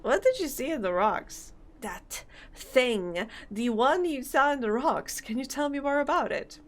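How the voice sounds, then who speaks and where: A woman's voice: high voice, lively intonation, unhurried. A woman reading game dialogue aloud as a polite, inquisitive male doctor. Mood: curious.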